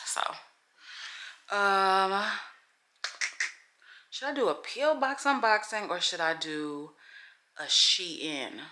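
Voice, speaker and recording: A young adult woman chatting casually to her viewers in a vlog, telling stories in an animated, profane way. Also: medium pitch, slow pace, pauses often. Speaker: vlogger. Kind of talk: casual vlog chat to camera.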